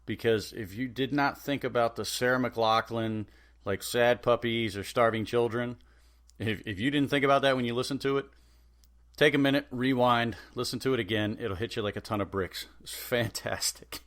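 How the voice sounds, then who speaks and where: A man's voice: mid-range voice, moderate pace, a bit bright. Brief: male podcast host, profane sarcastic rant, mid-range voice. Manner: sarcastic, swears freely.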